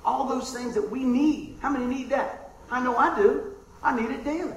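A man preaching a sermon, telling a personal story in a conversational, animated way that drops to a hush at times. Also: very high voice, normal speed, echoey room, slight background noise, low-quality recording. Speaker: pastor.

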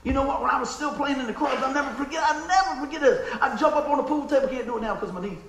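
A man preaching with a fervent, folksy manner that keeps calling for an amen. His voice sits high for a man. It rings out through a roomy, echoing sanctuary. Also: very fast, gravelly, a bit bright, slight background noise. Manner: fervent, folksy, calls for amens. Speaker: pastor. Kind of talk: sermon.

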